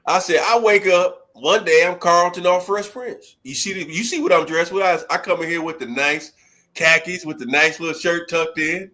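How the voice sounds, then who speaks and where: A man in his forties from Detroit, co-hosting a casual reunion chat and telling animated school stories with lots of laughter. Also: on the high side, normal speed. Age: 40s. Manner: animated storyteller, laughs often, acts out quotes. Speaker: co-host.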